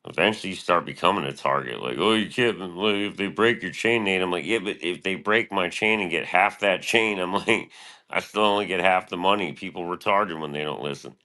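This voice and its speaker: A man's voice: sits low, fairly quick, pushed and bright. A middle-aged man streaming, talking in a profane, meandering, laid-back monologue. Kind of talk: casual rambling monologue.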